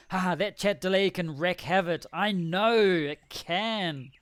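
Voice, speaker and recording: This man speaks slowly in a high, fairly bright voice while chatting casually on his game livestream. He rambles, cracks jokes, and corrects himself as he goes, with no room sound in the recording.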